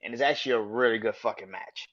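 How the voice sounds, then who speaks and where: A young man hosting a wrestling podcast, ranting casually, swearing freely, getting excited, and laughing often. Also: lowish voice, quick pace, lo-fi sound. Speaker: podcast host.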